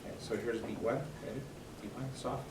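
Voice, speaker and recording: Heard from a distance in a very noisy, roomy recording, a man in a steady, mid-range voice speaks briskly. He's running a school band rehearsal, giving coaching instructions between passages while the band plays, and keeps checking that the players follow.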